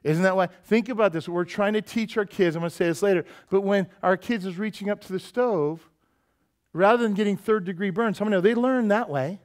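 This sermon comes from a middle-aged man with a slightly high voice, preaching in a church sanctuary. Joking and conversational, he talks the way a pastor chats with his congregation, regularly darting into little quoted voices.

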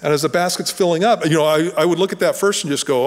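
A man preaching a sermon as pastor in a casual, conversational way, often restarting phrases and growing animated when he retells a scene. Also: on the high side, fast, big-room sound. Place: church sanctuary.

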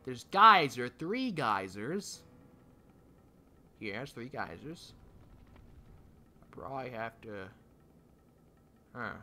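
A man's voice: medium pitch, very animated, slow, long pauses, bright, forceful tone, slight background noise. A young man commenting as he plays a video game, talking to the game, swearing and pleading in frustration. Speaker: gaming channel host. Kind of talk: let's play commentary.

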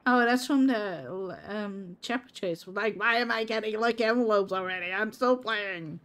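A woman's voice: medium pitch, normal speed, fairly bright tone. A woman streaming a game, chatting casually with her viewers by name and laughing often. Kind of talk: casual live-stream chat while gaming.

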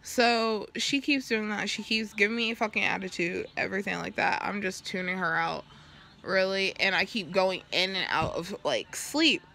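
Gravelly bright-voiced young woman vlogging. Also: medium pitch, normal speed. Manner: candid, swears freely, acts out quoted dialogue. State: burping, recovering after surgery. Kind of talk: casual storytelling vlog.

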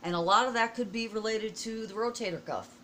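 A middle-aged American woman with a hoarse throat, talking casually and emotionally to her viewers in a personal vlog, often clearing her throat. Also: fairly high pitch, fairly quick, fairly bright tone, slight background noise. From USA. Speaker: vlogger.

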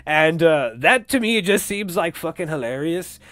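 A man's voice: a little high, expressive, moderate pace, sharp tone, no room sound. A young man hosting a podcast, riffing on entertainment news in a profane, rambling way with laughing asides. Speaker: podcast host. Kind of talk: casual entertainment-news commentary.

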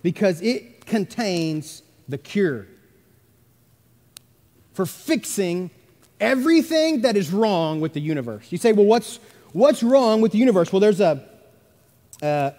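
A man preaching a sermon as pastor, emphatic, swinging between loud stresses and hushed asides. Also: sits high, lively intonation, measured pace, long pauses. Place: church sanctuary. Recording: long church reverb.

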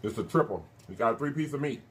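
A man's voice: medium pitch, expressive, slight background noise. A thirty-year-old man, hosting a casual eating show, chatting to viewers between bites and calling them honey and baby. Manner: chatty, drawn-out "honey" and "baby" asides, hums while eating. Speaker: mukbang host.

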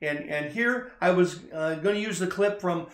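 Male pastor, high voice, lively storyteller; echoey room sound. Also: moderate pace. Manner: animated storyteller, acts out quoted lines louder. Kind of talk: informal sermon, retelling a movie scene.

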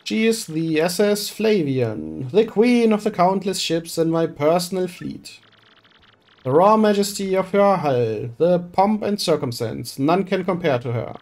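A streamer voices a pompous rich merchant who savors each word, speaking slowly with theatrical grandeur. The delivery is grand and self-admiring, and faint game music plays behind. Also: mid-range voice, expressive, darkish tone. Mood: grandiose. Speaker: streamer voicing game dialogue.

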